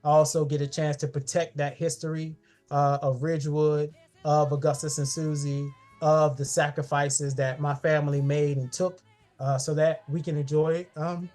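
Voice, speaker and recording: A man's voice: on the high side, level tone, moderate pace, a little mellow, faint music behind. Man giving a fond talk. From Columbia, South Carolina. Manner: fond, personal, with frequent restarts. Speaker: guest speaker. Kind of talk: online history talk showing family photos. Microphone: video call.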